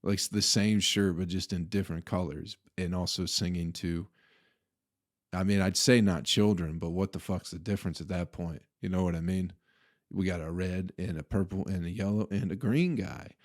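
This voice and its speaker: A young man from Flint, Michigan, hosts a podcast, speaking in a low voice at normal speed. He casually tells a profane story about a party, laughing and animated as he retells it.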